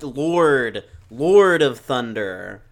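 A man bantering on a casual podcast, drawing his words out slowly. His pitch swoops widely as he plays up mock outrage at his co-hosts. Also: expressive, vocal fry. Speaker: podcast co-host. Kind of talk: casual chat.

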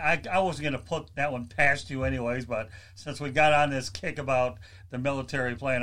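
A man's voice: medium pitch, a bit bright. Chatty male sports talk host. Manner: chatty, loose, joking with callers. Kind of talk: casual sports talk radio.

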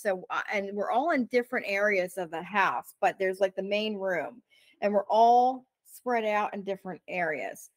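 A woman co-host chats through a story in a loose, animated way, leaning on "like" and "you know" and acting out each quote. Her voice sits at a middle pitch for a woman. The sound is dry and close, with no room around it. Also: normal speed, dry recording. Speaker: podcast co-host. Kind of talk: casual storytelling chat.

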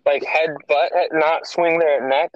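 A man's voice: a little high, steady tone, takes it slowly, no echo. Young man with teasing comebacks, muffled sound. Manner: teasing, matter-of-fact comebacks. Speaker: podcast co-host. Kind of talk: casual chat.

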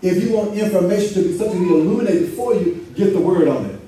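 Pastor, male, high but mellow tone, easygoing preaching, picked up from afar in a roomy church. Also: slight background noise. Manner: conversational preaching, reads scripture slowly. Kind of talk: sermon. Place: church sanctuary. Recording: echoey room from far off, faint ambience.

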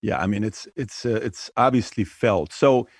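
A man with a Persian accent who hosts an interview and asks quick, chatty questions. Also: fairly low pitch, no echo, clean studio sound. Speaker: interview host. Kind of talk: casual interview conversation.

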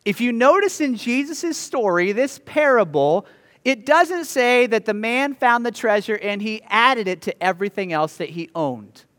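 Animated male pastor in a reverberant sanctuary. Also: high-pitched, moderate pace. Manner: animated storytelling with playful asides. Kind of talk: sermon. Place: church sanctuary.

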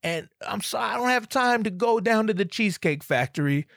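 A man's voice: high voice, lively intonation, a little fast, gravelly, a bit bright, no room sound, clean studio sound. A man telling a comic story in a casual, rambling way, swearing often and stumbling over his words. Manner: profane, rambling, self-interrupting. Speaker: comedian.

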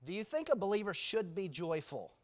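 A man's voice: high voice, big pitch swings, fairly quick. Rambling, chuckling guest preacher, a man. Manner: rambling, self-deprecating storytelling with many restarts. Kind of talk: informal church address before a sermon. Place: church sanctuary.

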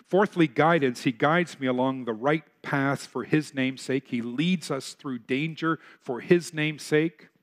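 A man's voice: medium pitch, a little slow, hardly any pauses. A man pastor preaching a sermon in a church, earnest and full of rhetorical questions. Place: church sanctuary.

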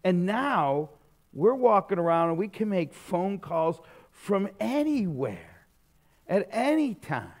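Slow and high-pitched, a middle-aged man delivers a sermon as a pastor, keeping it casual and conversational. His storytelling is animated and packed with fillers and restarts.

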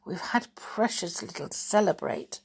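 A woman voicing a wise, gentle elderly male wizard who speaks calmly and teasingly. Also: fairly low pitch, moderate pace, gravelly, husky, full character voice.

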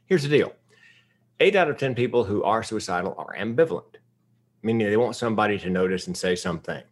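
A man in his fifties from the United States, telling a personal story in a public talk with comic timing and deadpan asides. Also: lowish voice, fairly quick. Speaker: speaker.

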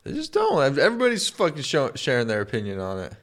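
A man's voice: medium pitch, huge pitch swings, fast. A man co-hosting a casual podcast chat, laid-back and blunt, often repeating his own phrases.

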